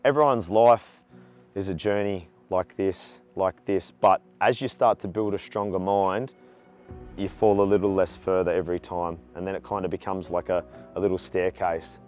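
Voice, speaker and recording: A man's voice: low voice, normal speed, soft background music. An Australian man in his forties, telling his own story in a candid, talkative interview. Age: 40s. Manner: talkative, animated when retelling stories. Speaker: charity walker.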